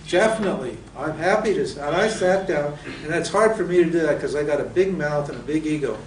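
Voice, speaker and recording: A man's voice: fairly high pitch, brisk, hardly any pauses, a little hiss or hum. A man teaching spiritual texts, asking his students rhetorical questions and then answering them himself. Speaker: Vedanta teacher. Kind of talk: lecture to students. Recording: roomy echo from a distant mic.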